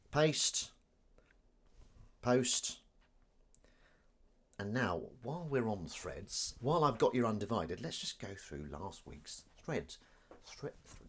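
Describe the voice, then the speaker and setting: A man's voice: on the low side, breathy edge. A man hosting a live stream in a casual, jokey, self-mocking way, reading viewer comments aloud.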